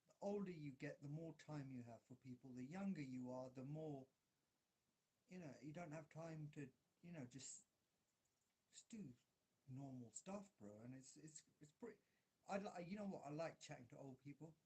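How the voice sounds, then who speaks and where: A man's voice: a little high, moderate pace, mellow, breathy edge. A man with an English accent who grew up in Derby, rambling casually and mocking himself as he solders, swearing often and restarting his sentences. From England, grew up in Derby. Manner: self-mocking, swears a lot, many restarts. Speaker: hobbyist video maker.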